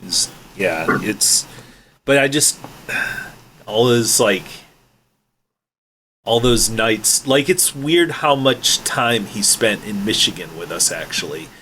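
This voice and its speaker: A man's voice: on the low side, expressive, slow pace, sharp tone, a little hiss or hum, low-quality recording. Rambling man telling an old story. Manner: rambling reminiscing storyteller, full of fillers. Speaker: podcast host. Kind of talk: casual podcast chat.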